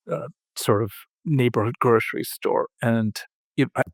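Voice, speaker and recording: Slow, halting older man. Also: no room sound, clean studio sound. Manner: slow, halting, with restarts and sudden lifts in pitch. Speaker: podcast host. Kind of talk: reflective conversation.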